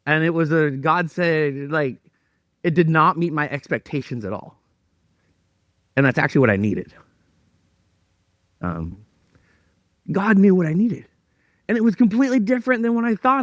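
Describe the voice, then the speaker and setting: A male pastor telling a personal story in a sermon, animated and self-mocking as he acts out his own thoughts. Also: sits high, normal speed, pauses often, no room sound.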